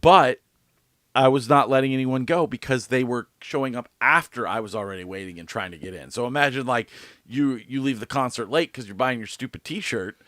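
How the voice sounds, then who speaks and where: A man's voice: mid-range voice, fairly quick, dry recording, clean studio sound. A man co-hosting a podcast, telling a story in casual chat, swearing and acting out what people said. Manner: animated storytelling, swearing, acts out quotes. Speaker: podcast co-host.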